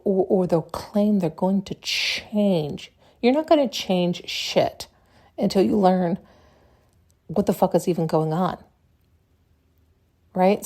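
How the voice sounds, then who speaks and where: A woman hosting her own podcast talks through her thoughts in a blunt, casual monologue. Her voice sits in a middle pitch with a dark, mellow tone. She swears freely and laughs easily between points. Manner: blunt, swears freely, laughs often, acts out quoted dialogue. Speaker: podcast host.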